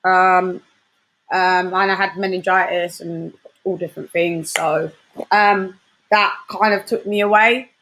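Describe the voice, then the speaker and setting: A woman's voice: on the low side, unhurried, slight background noise. Slangy British woman chatting to viewers. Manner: animated, slangy, trash-talking banter. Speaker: host; grime and dancehall artist. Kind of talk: casual livestream chat.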